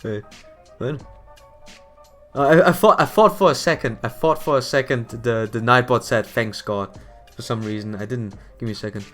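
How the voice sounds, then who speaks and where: A man chatting casually on a game live stream, tripping over his words and repeating himself as he thinks out loud. His pitch sits in a middle range, and faint background music plays under his voice. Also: normal speed. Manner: rambling, repeats words, laughs often.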